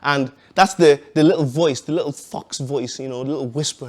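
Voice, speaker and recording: A man's voice: a little high, a little fast, few pauses. A man giving a personal testimony in a casual, conversational way, with many "you know"s and frequent laughs.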